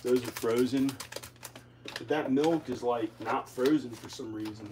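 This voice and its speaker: Rambling man with a noisy home recording. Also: medium pitch. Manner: rambling, halting, repeats himself. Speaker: vlogger. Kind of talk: rambling casual vlog. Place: home kitchen.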